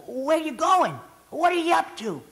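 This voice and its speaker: A man's voice: very high-pitched, big pitch swings, measured pace, fairly bright tone, full character voice. A man voicing Knuckles, a greedy, nosy male squirrel in a storybook recording. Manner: prying, greedy.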